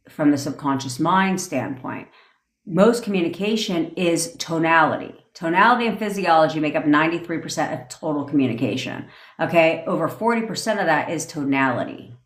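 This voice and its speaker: A woman with a low voice gives a blunt, profane rant about manifestation, talking in a loose conversational way. She acts out different tones of voice in her examples, and the sound carries an echo from the room. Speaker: manifestation coach. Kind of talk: livestream rant.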